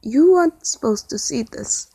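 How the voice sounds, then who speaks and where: A woman voicing a young man who speaks quietly and calmly, flat and resigned. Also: high-pitched, moderate pace, creaky, husky, no echo, clean studio sound, voice pushed up, heavily acted. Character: calm, hopeless young man.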